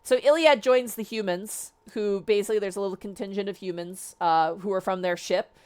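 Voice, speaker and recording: A woman's voice: mid-range voice, brisk, clear, resonant tone. Chatty woman retelling a story. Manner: chatty, animated, frequent fillers and swearing. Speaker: vtuber streamer. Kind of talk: casual story recap.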